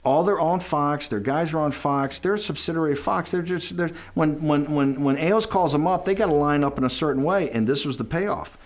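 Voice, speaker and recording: A man's voice: fairly high pitch, brisk, hardly any pauses. A man being interviewed who tells stories emphatically and rambles through them, often tagging his points with "right?" and "okay?". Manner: animated, mimics others in quoted asides. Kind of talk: conversational interview storytelling.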